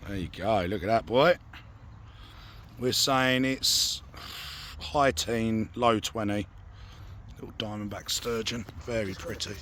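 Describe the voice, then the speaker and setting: Croaky angler chatting by a lake. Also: male voice, on the low side, takes it slowly, pauses often, a bit bright, a little hiss or hum. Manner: banters and asks questions. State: croaky after losing his voice to a cough. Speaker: angler and channel host. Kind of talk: casual outdoor commentary. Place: lakeside outdoors.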